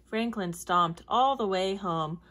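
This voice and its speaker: A woman reading a children's picture book aloud in a clear, measured storytelling voice. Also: medium pitch, fairly bright tone. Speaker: storybook reader.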